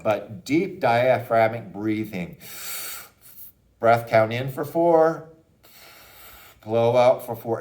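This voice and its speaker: A man's voice: mid-range voice, a little mellow. A man, a doctor and parent of a young child, giving casual, upbeat health advice to parents in an educational talk, often checking in with "okay?". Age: adult parent of a young child. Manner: casual and upbeat, with frequent "okay?" and "hey" asides.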